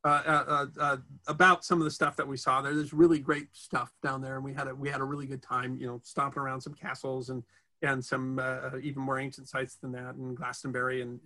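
Fast, bright-voiced chatty man. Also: medium pitch. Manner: rambling, chatty, many fillers and restarts. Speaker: history video host, guest. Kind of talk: casual interview chat.

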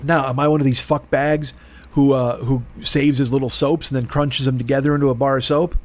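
A man telling a comedic story on a podcast, animated and profane, mocking himself. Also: medium pitch, brisk. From grew up poor. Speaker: podcast host.

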